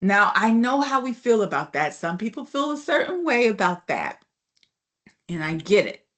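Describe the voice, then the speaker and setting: A woman's voice: medium pitch, very animated, moderate pace, a bit bright. A woman instructor giving a casual online class lecture, chatty and often asking the class "right?" and "you know".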